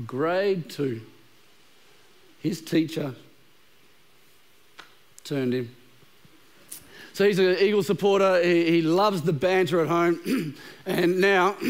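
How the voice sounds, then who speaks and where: A middle-aged man preaching a sermon to a congregation, conversational and humorous, often repeating words as he goes. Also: high-pitched. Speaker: pastor. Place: church auditorium with a live congregation.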